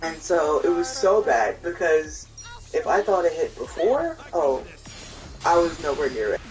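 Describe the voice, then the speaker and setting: Animated, swearing man telling a story. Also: a little high, measured pace, faint music behind, low-quality recording. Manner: animated, swears freely, talks to himself in retellings. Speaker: gaming co-host. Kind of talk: casual storytelling chat.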